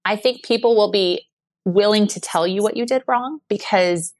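A woman's voice: medium pitch, moderate pace, no room sound. A middle-aged woman speaking as a podcast guest, telling personal stories candidly and with animation, full of "like"s. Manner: candid, animated storytelling with many "like"s. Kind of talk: personal conversation.

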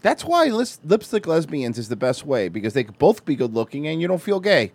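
A man's voice: a little high, very animated, brisk, a little mellow, dry recording. A man co-hosting a podcast, joking crudely in casual chat. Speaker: podcast co-host.

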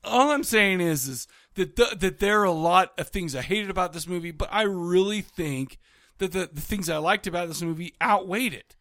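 A man with a voice that sits high and a bit bright speaks at a moderate pace, recorded in studio quality with no room sound. He's co-hosting a podcast in casual chat, rambling, restarting his sentences, and laughing often.

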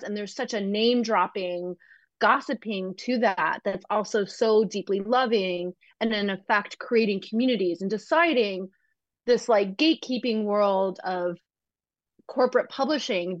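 A woman's voice: mid-range voice, normal speed, no room sound. A woman talking thoughtfully as a guest author, often circling back and restarting her sentences. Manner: thoughtful, searching, frequent restarts. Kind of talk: reflective conversation. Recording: slightly muffled dry recording.

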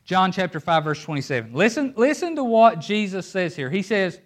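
Emphatic preacher man, fairly high voice. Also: big pitch swings, moderate pace. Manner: emphatic, pulls listeners in with questions. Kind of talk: sermon. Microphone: handheld microphone.

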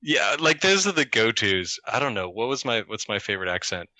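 A man chatting as a show guest, halting and stop-start with lots of fillers. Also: lowish voice, very animated, sharp tone, no echo. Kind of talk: casual chat.

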